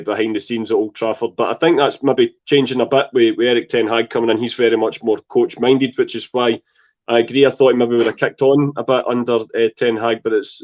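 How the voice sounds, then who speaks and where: A man co-hosting a football podcast, talking in a measured, analytical way, recorded on dull lo-fi audio. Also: medium pitch, darkish tone. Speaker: podcast co-host. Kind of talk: casual football chat.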